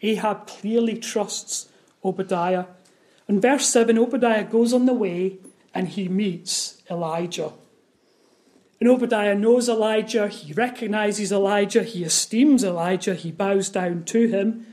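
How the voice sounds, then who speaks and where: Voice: medium pitch, unhurried, a little mellow. A preacher giving a sermon on a Bible passage, earnest and prone to repeating words and asking the congregation rhetorical questions.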